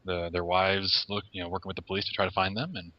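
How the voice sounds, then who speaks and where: A man with a low voice talks about a film as a podcast guest. His delivery is measured and peppered with fillers. The audio sounds dull and lo-fi. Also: little pitch movement. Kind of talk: casual film discussion.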